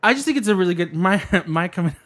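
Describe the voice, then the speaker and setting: A man's voice: high voice, expressive, fast, fairly bright tone. A man co-hosting a podcast, talking in a casual, hesitant way with many restarts and fillers. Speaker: podcast co-host. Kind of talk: casual chat.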